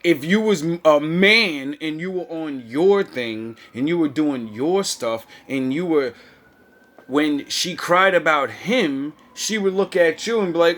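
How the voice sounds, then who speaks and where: A man's voice: on the high side, lively intonation, unhurried, fairly bright tone. A man with a slightly raised voice talks bluntly and with mockery. He keeps slipping into exaggerated voices of the people he describes. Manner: blunt, mocking, acts out quoted voices. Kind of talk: casual chat.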